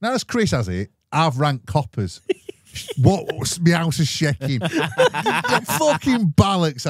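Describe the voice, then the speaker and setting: A man's voice: on the high side, huge pitch swings, slow pace, slightly rough, no echo, clean studio sound. A man with a Sheffield accent telling rowdy, sweary anecdotes in a casual podcast chat and acting out the voices in them. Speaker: guest musician.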